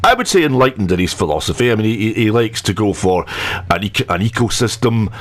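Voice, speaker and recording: A man's voice: lowish voice, big pitch swings, fast talker. A man commentating over a football career game, rambling into wordy, self-mocking digressions. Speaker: gaming commentator.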